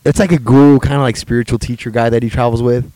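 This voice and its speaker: A man's voice: medium pitch, quick pace, no echo. A man co-hosting a podcast in casual chat, swearing constantly and laughing often. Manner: profane, excitable, laughs often. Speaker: podcast co-host.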